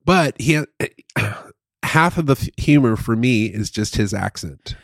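A man's voice: mid-range voice, animated, slow, gravelly, no echo, clean studio sound. A man co-hosting a casual chat, joking and sliding into comic bits that he repeats. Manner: jokey, goes into comic bits and repeats them. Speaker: podcast co-host.

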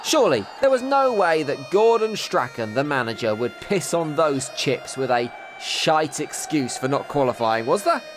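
A man's voice: on the high side, very animated, moderate pace, hardly any pauses, faint music behind. A man hosting a comedy podcast, sarcastic and mock-exasperated in his banter. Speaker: podcast host.

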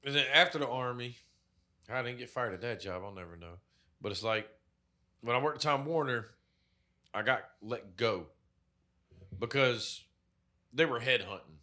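A young man in casual chat, telling rough, profane stories about old jobs and acting out what people said. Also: mid-range voice, moderate pace, long pauses. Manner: profane, animated storyteller acting out quotes.

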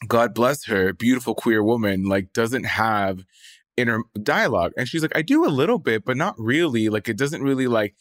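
A man's voice: mid-range voice, normal speed, fairly bright tone, no echo, studio quality. A man co-hosting a podcast in casual chat, playful, acting out little scenes with sound effects. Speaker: podcast co-host.

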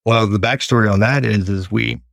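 A man's voice: on the low side, brisk, creaky, no room sound. A middle-aged man from Texas, telling stories earnestly as an interview guest. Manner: earnest, animated storyteller. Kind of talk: storytelling interview.

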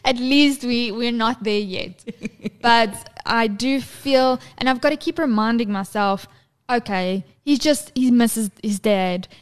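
A woman, co-hosting a podcast and telling lively, sweary stories about her toddler. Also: a little high, measured pace, clean tone. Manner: animated storyteller, swears freely, mimics her toddler's voice. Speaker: podcast co-host. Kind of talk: casual podcast chat.

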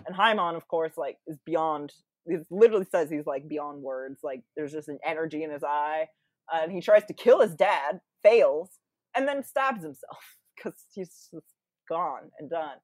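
A woman's voice: low-pitched, expressive, normal speed, darkish tone, no room sound. A young woman retelling a Greek tragedy in a casual, chatty way, with lots of fillers and little acted-out quotes.

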